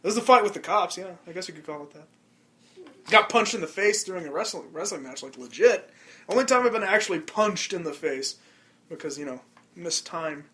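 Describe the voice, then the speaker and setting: A man's voice: sits high, a little fast. A man hosting a casual podcast chat, telling stories with lots of swearing, laughter and acted-out quotes, with a slightly stuffy nose. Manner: animated, acts out quotes, laughs often, swears freely. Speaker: podcast host.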